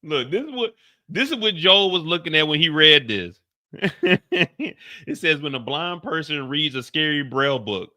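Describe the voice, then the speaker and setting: Bright-voiced man on a casual live stream. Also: on the high side, expressive, measured pace. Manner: profane, laughing, loose slangy banter. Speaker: streamer reacting to a show.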